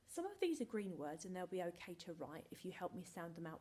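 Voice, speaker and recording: This primary school teacher has a warm, fairly low voice that is very animated, quick, and hardly pauses. She's leading a recorded phonics lesson for little kids, spelling words out letter by letter in a playful sing-song and acting as if she can't manage without them.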